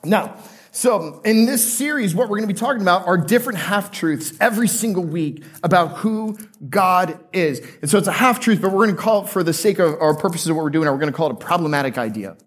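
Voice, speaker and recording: Man preaching, pastor, high voice, chatty and joking, asks the crowd questions, church sermon. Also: expressive, fairly quick. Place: church with a live congregation.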